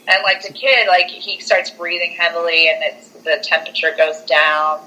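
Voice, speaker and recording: A young woman co-hosting a podcast retells a film plot in a casual, animated way, saying "like" constantly and acting out the characters' lines. Her voice sits lowish and her pace is moderate. The recording is rough.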